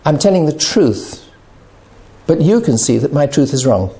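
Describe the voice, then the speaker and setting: A middle-aged man giving a talk on addiction recovery, animated and acting out the voices he quotes. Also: on the high side, normal speed.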